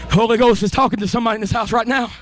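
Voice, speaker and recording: Preacher, male, high bright voice, fervent sermon delivery, soft music underneath. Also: fairly even intonation, rapid-fire, crowd noise. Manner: impassioned, rises to shouting and crying out.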